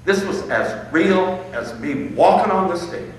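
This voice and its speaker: A middle-aged man from Illinois, an inspirational speaker telling a personal story on stage with emphatic, dramatic pauses and repetition. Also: sits high, animated. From Illinois, USA. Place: large hall on stage. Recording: echoey hall, mic far off, faint noise.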